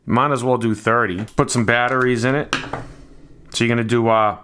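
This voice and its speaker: A man's voice: medium pitch, fairly even intonation, normal speed, background noise. A man narrating a casual hands-on product review in a laid-back, matter-of-fact way.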